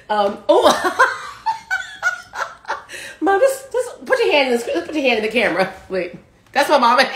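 A woman's voice: fairly high pitch, fairly bright tone, roomy sound. Gushing woman hosting a live stream. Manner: effusive, laughing, gushing. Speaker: host of a live video stream. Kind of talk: casual live-stream chat.

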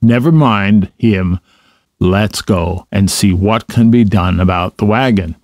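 A no-nonsense water rat, put on by a man reading a storybook, firm and matter-of-fact. He speaks slowly and deliberately, recorded close and dry. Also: on the low side, a little mellow, no room sound. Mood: dismissive. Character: sensible, blunt male water rat.

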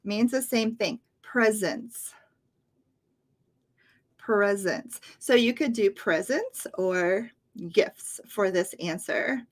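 A woman's voice: medium pitch, animated, slow pace. A woman teaching English on a livestream, repeating words patiently for learners. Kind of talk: livestream lesson.

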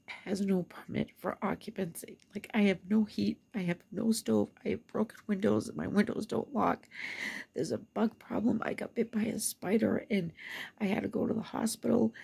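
Upset and near tears, a woman vents to the camera, swearing as she swings between whispers and angry outbursts in an emotional rant. Her medium-pitched voice is gravelly, husky, and dark.

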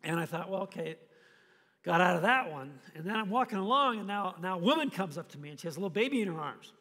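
A man preaching a sermon, telling a story with animated, acted-out scenes. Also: high-pitched, quick pace, big-room sound. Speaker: pastor. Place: church hall.

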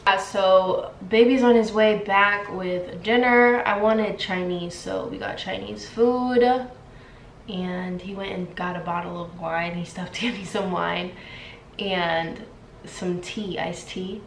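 A young woman with a put-on British accent talks to her camera at home, unhurried and drawn out, sassy and chatty. Her mid-pitched voice carries a roomy echo over faint room noise. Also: fairly even intonation. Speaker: vlogger. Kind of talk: casual vlog chat.

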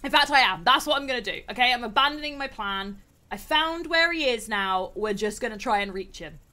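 Woman, young adult, stream host, game commentary, excitable, high pitch, very animated. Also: a little fast. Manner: excitable, exclaims and laughs often. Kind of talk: live gameplay commentary.

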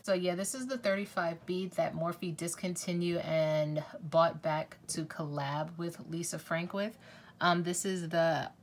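A woman's voice: on the low side, steady tone, unhurried, a little hiss or hum. A woman talking casually to camera as a beauty vlogger, chatty and effusive, swearing now and then.

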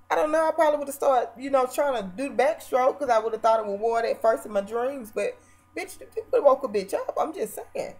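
Brash, profane woman ranting. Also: high voice. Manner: theatrical, swings between loud and muttered. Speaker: vlogger. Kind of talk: casual reality-TV rant.

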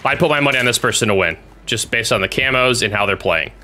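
Young man, game commentary, bright voice, swooping pitch, sarcastic, faint hiss. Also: fast talker. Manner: excitable, sarcastic, teasing the players he watches. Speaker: gaming YouTuber commentating. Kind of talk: spectating commentary on a battle royale game.

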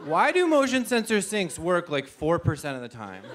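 A man's voice: high voice, wildly swooping pitch, moderate pace, fairly bright tone. A man performing a self-mocking stand-up comedy set on a TV stage, acting out silly voices. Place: TV studio stage with live audience. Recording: audience laughter and studio noise. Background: audience laughing.

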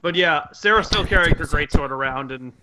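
A man's voice: on the high side, a little fast, bright, forceful tone. A man playing a tabletop game, rambling as he describes his character's actions. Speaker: player. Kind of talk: casual tabletop game chat.

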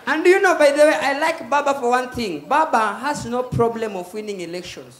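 A man with a Kenyan accent performing a loud stand-up comedy set on a live stage, mixing Swahili and English and acting out voices. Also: extremely high pitch, lively intonation, fairly quick, few pauses, slight background noise. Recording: echoey live venue with faint ambience.

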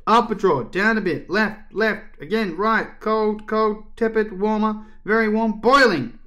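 A man's voice: medium pitch, very animated, normal speed, lightly acted. A man reading aloud, voicing a chirpy, batty, very old headmistress in a storybook. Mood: guiding. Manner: chirpy and jolly.

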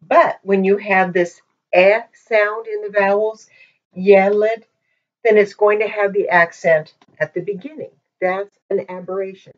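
A woman teaching a language lesson in a patient, methodical way, pausing often with ums, recorded on a poor-quality microphone. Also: medium pitch, fairly even intonation. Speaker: Hebrew teacher. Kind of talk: slow explanatory lesson. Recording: dull lo-fi microphone.

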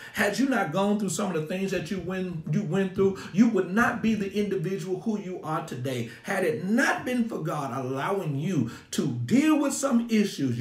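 A man's voice: on the high side, echoey room. A middle-aged man, a pastor preaching a sermon in an emphatic, colloquial style, repeating his points over and over. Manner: emphatic, colloquial and repetitive, often laughing.

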